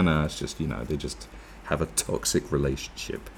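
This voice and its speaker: Sweary sarcastic man, deep voice. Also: fairly even intonation, moderate pace, gravelly, slight background noise. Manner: sweary, sarcastic, mocking asides with put-on voices. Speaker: political commentary vlogger. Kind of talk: casual ranting commentary, reading and reacting to an article.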